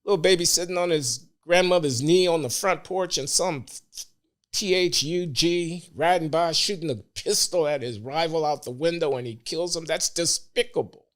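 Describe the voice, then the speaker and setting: An older man speaking as a guest on a casual podcast, measured and deliberate with frequent hesitations. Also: fairly high pitch.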